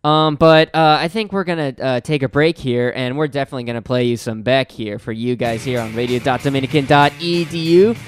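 A man's voice: mid-range voice, brisk, hardly any pauses, soft background music. A man hosting a college radio show, chatting eagerly about bands in a rambling way with many restarts. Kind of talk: casual chat. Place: radio studio.

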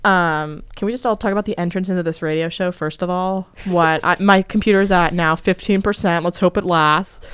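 A woman's voice: fairly low pitch, a little fast, hardly any pauses, smooth, no room sound. A young woman hosting a radio show, chatting casually with slang and lots of laughter. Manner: giggly, slangy and animated storytelling. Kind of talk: casual chat. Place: radio studio.

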